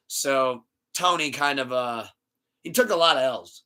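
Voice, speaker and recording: A man hosting a podcast in casual chat, telling the story in an animated, swearing rant. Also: medium pitch, unhurried. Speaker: podcast host.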